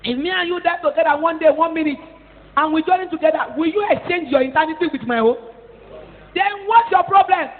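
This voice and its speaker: A woman's voice: sits high, fast talker. Woman, Nigerian accent, pastor, sermon, scolding, phone-like tinny audio, long hall reverb. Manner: animated, scolding, shouts at times; mixes in Pidgin and Yoruba.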